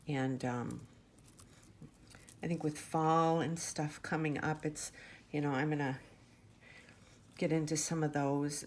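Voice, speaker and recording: A woman showing off her handmade jewelry in a casual vlog, chatty and gushing, with fillers and restarts. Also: sits low. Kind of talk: casual show-and-tell vlog. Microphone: camera mic on a tabletop.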